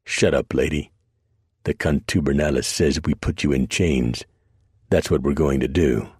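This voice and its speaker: A brutish legionnaire barks short, hard orders, as a male narrator plays him. The voice is very deep and husky, recorded dry. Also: moderate pace, a little mellow, no echo, heavily acted. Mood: harsh. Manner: barking, curt.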